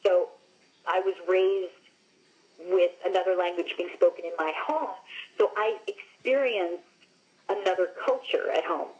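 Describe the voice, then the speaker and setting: A woman's voice: fairly low pitch, measured pace, darkish tone, highs cut off. A woman actress from Long Island, telling stories animatedly in a casual interview, with frequent "like" and "you know". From Long Island, New York. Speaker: actress, guest.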